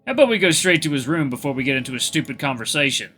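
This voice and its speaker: A man's voice: mid-range voice, very animated, very fast. A man voicing a desperate, tearful young male hero who pleads urgently, over faint music. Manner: urgent, shouting pleas.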